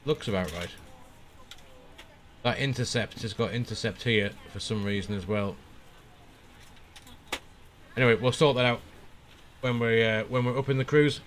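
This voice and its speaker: A man streaming a flight simulator, casually talking through his preflight setup and often pausing with "uh" as he thinks aloud. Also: mid-range voice, a little hiss or hum. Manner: relaxed, thinking aloud with frequent "uh" pauses. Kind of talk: casual live-stream commentary.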